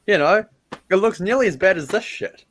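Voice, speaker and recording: A man's voice: high-pitched, expressive, fairly quick, fairly bright tone, slight background noise. A young man from New Zealand, co-hosting a casual chat over a video call, blunt and joking with a New Zealand accent. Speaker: co-host.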